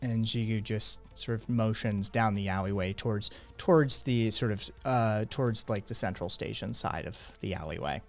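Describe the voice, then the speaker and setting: A man's voice: on the low side, normal speed, hardly any pauses, faint music behind. A man running a tabletop game as game master, narrating scenes unhurriedly with hesitant fillers.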